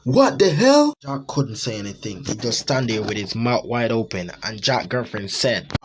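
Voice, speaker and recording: A man's voice: fairly low pitch, a bit bright, slight background noise, poor audio. A man narrating an amateur horror story in a rambling, dramatic, unpolished way.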